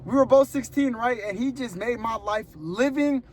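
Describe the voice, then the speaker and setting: A young man telling stories in a casual, slangy vlog, animated and laughing often, filming with his phone from his car and then inside a store. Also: very high-pitched, normal speed, a little hiss or hum. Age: young adult. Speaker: vlogger.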